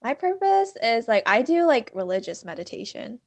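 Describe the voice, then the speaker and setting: A woman's voice: fairly high pitch, normal speed. A young woman co-hosting a podcast, telling stories in a casual, rambling way with lots of fillers. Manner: filler-heavy, animated storytelling. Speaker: podcast co-host. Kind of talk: casual chat.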